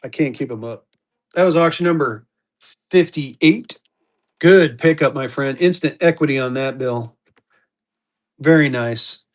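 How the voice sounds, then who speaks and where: A man's voice: medium pitch, unhurried, pauses often. A man selling banknotes in a live-stream auction, with hyped, repetitive auctioneer patter.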